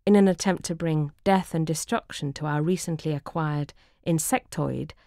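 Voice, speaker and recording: A very low, mellow female voice narrates the speaker's own travel memoir for an audiobook, keeping a wry, dry and measured tone. It's recorded close up, dry, with no room sound at all.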